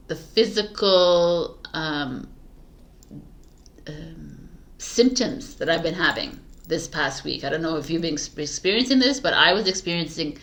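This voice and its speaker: A woman's voice: lowish voice, a bit bright. A woman tarot reader hosting a weekly reading, chatting casually to camera, laughing and restarting her greeting. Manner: giggly, flustered, restarting intro.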